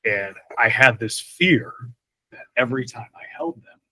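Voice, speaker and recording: A man from Michigan, a guest on a podcast, chatting in a friendly, relaxed way and chuckling now and then. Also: medium pitch, moderate pace, slightly rough. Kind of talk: casual podcast chat.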